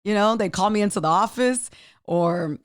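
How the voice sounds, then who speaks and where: A woman's voice: mid-range voice, normal speed, no echo, studio quality. A woman hosting her own podcast, talking earnestly and emphatically straight to the listener in a motivational solo talk, getting choked up with emotion. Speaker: podcast host.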